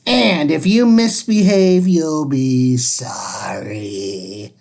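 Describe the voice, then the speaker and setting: A man's voice: fairly high pitch, vocal fry, darkish tone, heavily acted. A man doing a hissing, mean substitute teacher. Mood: stern menacing. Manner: hissing, snapping, slow menace. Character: harsh strict witchy substitute teacher woman. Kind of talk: picture book read-aloud.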